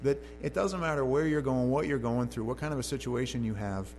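A man's voice: mid-range voice, fairly quick, a little mellow, soft background music. A man preaching a conversational sermon in a church, reading scripture aloud and then explaining it in plain talk.

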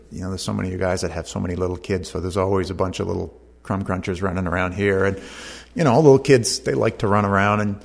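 Gravelly-voiced male preacher. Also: low voice. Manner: conversational preaching, reads scripture aloud. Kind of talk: sermon. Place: church.

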